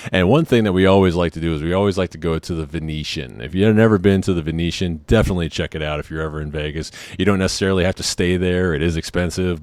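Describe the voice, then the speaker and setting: Deep-voiced, laid-back male storyteller. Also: darkish tone, dry recording. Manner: laid-back, rambling, peppered with "man" and "I mean". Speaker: vlogger. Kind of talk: casual storytelling.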